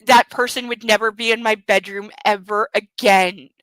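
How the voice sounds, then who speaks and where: A woman's voice: mid-range voice, steady tone, normal speed, a bit bright, no room sound, low-quality recording. Sarcastic woman reading a novel aloud. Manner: sarcastic, indignant, blunt with swearing. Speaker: book club reader and commentator.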